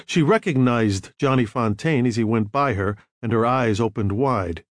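A man narrating an audiobook in a measured, even manner. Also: medium pitch, no room sound, clean studio sound.

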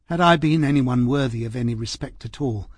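A man reading the part of a tired, hurt middle-aged female housekeeper in an audiobook, speaking quietly and haltingly. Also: mid-range voice, slightly rough, no room sound, studio quality, lightly acted. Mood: weary. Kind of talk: audiobook character voice.

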